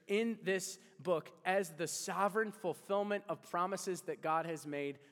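A man's voice: high voice, measured pace, fairly bright tone. Earnest preaching man in a reverberant hall. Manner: earnest preaching, rising to urgent appeals. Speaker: pastor. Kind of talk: sermon. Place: church hall.

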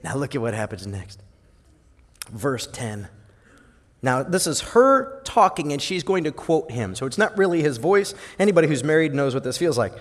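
A male pastor preaching a sermon in an animated way, swinging from loud and lively to soft and low. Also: moderate pace. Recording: long hall reverb.

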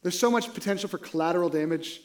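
A man delivers a sermon in a loose, conversational style, with frequent rhetorical check-ins. His voice sits notably high for a man. He sounds like he is talking the congregation through a story. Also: quick pace. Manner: conversational, rhetorical "right?" asides. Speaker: preacher.

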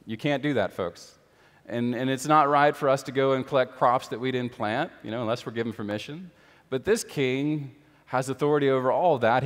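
A man's voice: mid-range voice, in a large hall. A male pastor giving a conversational sermon, with frequent fillers and rhetorical questions to the congregation.

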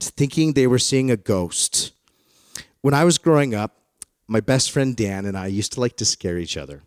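A man's voice: medium pitch, darkish tone, no echo, clean studio sound. A man preaching a sermon in a playful, joking storytelling way, acting out the quotes he reads. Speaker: pastor.

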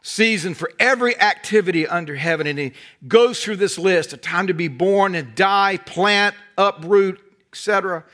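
Southern preacher, middle-aged man, high bright tone, folksy animated sermon delivery. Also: normal speed. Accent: Southern American. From North Carolina. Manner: animated storytelling, folksy humor, drops to soft intensity.

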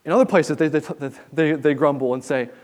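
A man's voice: on the high side, brisk, a little mellow. Earnest male pastor in a reverberant hall. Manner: earnest, conversational preaching with frequent restarts. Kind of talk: expository sermon. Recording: long reverb in a large hall.

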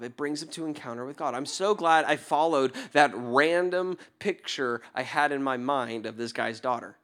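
This young pastor, speaking at medium pitch, recounts a story as part of a sermon, laughing frequently and falling to a hushed voice during tender moments.

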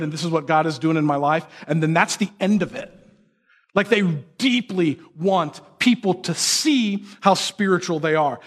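High-voiced man preaching casually. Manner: conversational, uses quoted mock voices and rhetorical questions. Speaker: pastor. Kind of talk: sermon.

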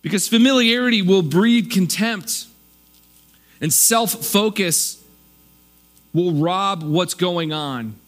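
Male pastor, high voice, chatty sermon delivery, acts out other people's lines, faint mains hum. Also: slow, pauses often. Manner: animated, acts out townspeople's voices. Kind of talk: casual conversational sermon.

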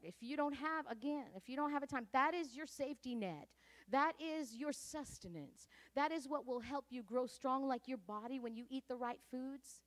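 Middle-aged woman preacher, slightly high voice, chatty sermon delivery with frequent amens. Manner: conversational, with frequent amens and hallelujahs.

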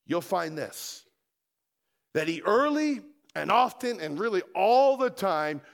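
A male pastor preaching a sermon, emphatic, with rhetorical questions and loud stressed lines. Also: high-pitched.

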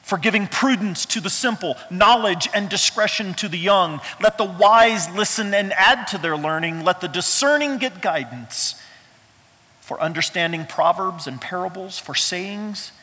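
A man's voice: high-pitched, expressive, unhurried, bright, forceful tone, breathy edge. A middle-aged man, a pastor, preaching a sermon in an emphatic, conversational way with touches of humor, in a church. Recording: reverberant hall sound.

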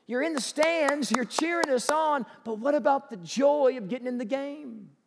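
A man preaching a sermon as pastor, animated and acting out excited sports fans. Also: very high-pitched, moderate pace, vocal fry, background noise. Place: church sanctuary. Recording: long church reverb.

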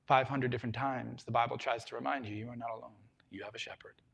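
Preaching man, loud then hushed. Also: mid-range voice, fairly even intonation, quick pace, gravelly, breathy edge. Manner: storytelling, swings from loud emphasis to hushed. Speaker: pastor. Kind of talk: sermon.

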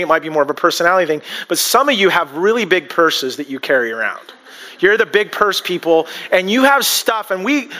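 A man's voice: sits high, bright, forceful tone. A married man preaching a sermon in a joking, conversational way, often restarting his sentences. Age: adult, married. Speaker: pastor.

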